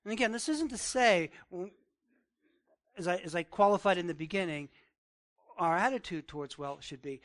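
A man's voice: high-pitched, expressive, normal speed, long pauses, a bit bright. A male pastor preaching a conversational sermon, reading scripture aloud and asking the congregation direct questions. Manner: reads scripture aloud, then riffs on it.

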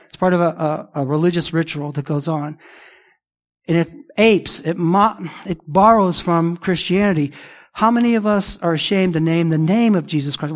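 A middle-aged man delivers a sermon in a high-pitched voice. He is emphatic and drives points home by repeating them. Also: normal speed. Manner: emphatic, repeats phrases for stress. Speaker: pastor.

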